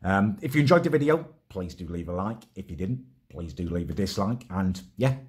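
A man's voice: sits low, lively intonation, fairly quick, darkish tone, slightly rough. A young man telling a vlog story about his neighbour in an exasperated, sweary way. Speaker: vlogger.

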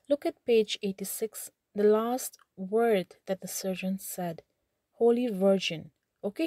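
A woman with an Indian English accent, reading lines from a play and explaining them plainly, often pausing with "okay". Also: a little high, dark tone, no room sound, studio quality. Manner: reads lines then restates them in simple words, frequent "okay". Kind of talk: line-by-line literature lesson, reading and paraphrasing.

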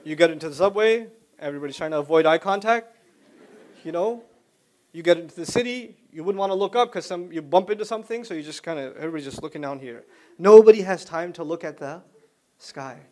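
A man with a fairly high voice delivers a religious lecture to an audience. He is animated and joking, and he walks through his ideas with patient, repeated everyday examples. He often slips into acted-out voices when quoting people. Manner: animated, joking, acts out quoted speech; explains slowly with repeated examples. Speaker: Islamic lecturer.

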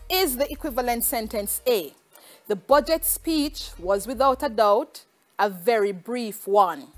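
Slow, high-voiced Jamaican teacher. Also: female voice, lively intonation, soft background music. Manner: asks students questions, then pauses for them. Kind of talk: exam-prep lesson.

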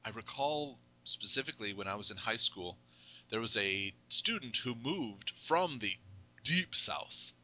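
Male host, General American, very bright tone, playful banter. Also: lowish voice, expressive, poor audio. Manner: chatty, playful, quick to laugh. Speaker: podcast host. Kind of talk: casual interview chat.

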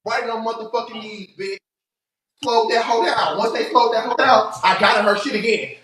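A breathless man livestreaming, loudly acting out a fight story with profanity and sound effects. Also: high voice, steady tone, moderate pace, far from the mic. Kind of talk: animated storytelling. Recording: roomy echo, faint noise.

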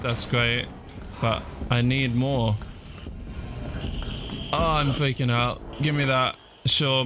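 A man giving let's play commentary on a horror game, panicky, his pitch jumping high when scared, often saying "fudge" in place of swearing. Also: background noise. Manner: swaps swear words for "fudge". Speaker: gaming YouTuber.

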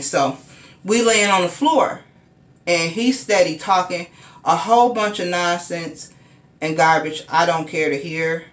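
A woman's voice: lowish voice, measured pace, echoey room. A woman telling a personal story in a casual, rambling way, repeating herself and using many fillers.

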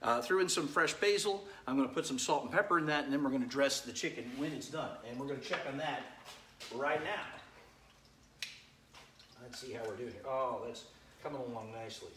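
Frying chicken in his home kitchen, a middle-aged cooking show host chats with viewers live and greets them by name. He talks a little fast in a medium pitch. The room is echoey, and a pan sizzles faintly in the background.

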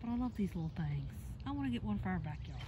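A woman's voice: fairly low pitch, very animated, fast, dull audio, background noise. A woman, chatting casually while walking a trail and a bit out of breath. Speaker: vlogger. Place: outdoors on a gravel trail. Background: birds singing, outdoor ambience.

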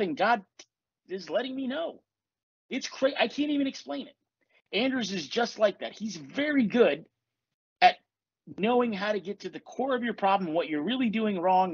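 A man hosting a casual podcast, blunt and confessional, with lots of swearing. His voice is slightly breathy and sits close and dry on a dull, lo-fi mic. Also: high-pitched, no echo. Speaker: podcast host and coach. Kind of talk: casual chat.

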